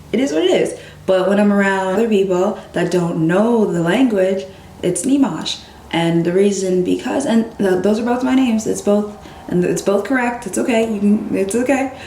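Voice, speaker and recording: A young woman tells stories to her channel in a relaxed, lively way and acts out other people's lines. Her voice sits in an ordinary middle range. The recording carries a noticeable room echo. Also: mid-range voice, a little hiss or hum. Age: young adult. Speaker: vlogger. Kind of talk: casual storytelling to camera. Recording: echoey room.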